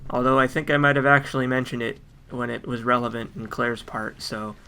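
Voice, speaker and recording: A man's voice: mid-range voice, fairly even intonation, a little fast, pushed and bright, clear, resonant tone. A man giving casual let's play game commentary with wry, joking asides.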